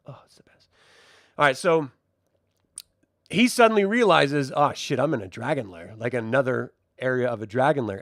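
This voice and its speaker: A man reviews a TV episode in a casual, rambling, jokey vlog. His fairly high voice swings widely in pitch. The sound is dry and close. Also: a bit bright, dry recording.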